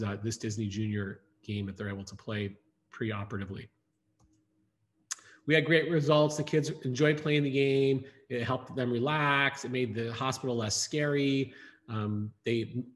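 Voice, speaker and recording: A man presents research slides at a conference, in an explanatory manner. His voice sits at a middle pitch, and he often pauses with ums or restarts a phrase.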